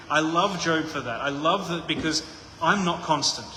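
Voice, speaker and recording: A man's voice: fairly high pitch, moderate pace, bright, forceful tone, a little hiss or hum. Man preaching in an echoey hall. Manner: conversational, thinks aloud with many restarts. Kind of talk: sermon. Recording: echoey hall with long reverb.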